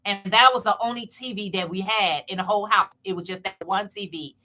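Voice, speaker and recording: A woman's voice: mid-range voice, a little fast, sharp tone. A woman hosting her own live stream, chatting casually and repeating herself as she speaks straight to her viewers. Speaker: channel host.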